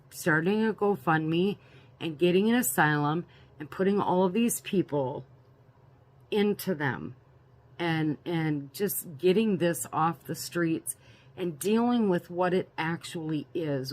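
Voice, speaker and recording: A middle-aged woman hosting a prepping channel, chatting casually in a ranting opinion vlog, laughing often and repeating words. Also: lowish voice.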